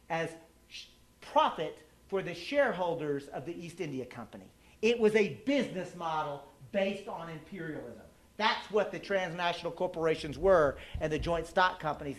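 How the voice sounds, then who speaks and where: An American man giving an impassioned public speech at a community event, emphatic and full of rhetorical questions. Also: high-pitched. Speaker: political speaker. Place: community meeting hall. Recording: echoey room recording.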